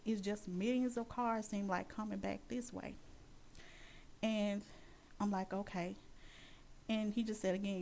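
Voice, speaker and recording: A woman recounting her personal Christian testimony, with a gravelly, creaky edge to her mid-pitched voice. She speaks earnestly and haltingly, circling back with fillers. The telling turns dramatic as the story builds. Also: darkish tone, slight background noise.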